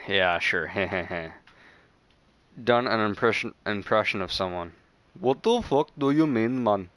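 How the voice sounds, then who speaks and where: A man livestreaming a game, chatting casually with viewers, joking, swearing freely, laughing often and shouting at the game. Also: on the low side, takes it slowly, smooth, dry recording. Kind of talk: casual gaming livestream chat.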